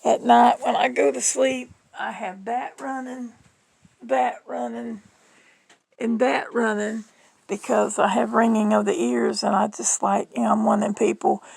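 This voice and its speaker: A middle-aged Southern woman talking to her phone in a loose, rambling vlog, folksy and chatty. Her voice sits a little high and is heavily gravelly with vocal fry. The sound is dry and close, with almost no room around it. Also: fairly even intonation, a little slow, darkish tone, dry recording, poor audio. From Southern United States. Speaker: vlogger. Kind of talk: rambling casual monologue.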